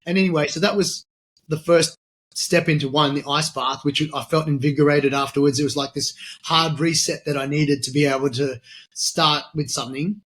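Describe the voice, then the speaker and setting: An Australian man with a slightly high-pitched voice tells his story as a podcast guest. He talks casually and animatedly, stops and restarts his sentences, and acts out the voices of the people in his story. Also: normal speed. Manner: animated, acts out quoted dialogue, frequent restarts. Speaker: podcast guest, military veteran and charity founder.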